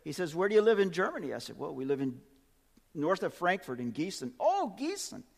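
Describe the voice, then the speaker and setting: A man preaching a sermon in a high, ringing voice. He talks with strong emphasis, dropping to quiet asides and climbing to loud peaks. His voice carries a long reverb, as from a large hall. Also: big pitch swings, a little fast, creaky.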